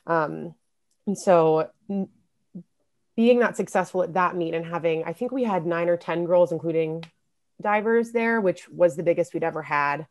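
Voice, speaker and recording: A young adult woman, a guest on a podcast interview, telling stories in a casual, lively way and laughing often. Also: fairly low pitch, normal speed. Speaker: interview guest, former college swimmer. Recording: podcast audio.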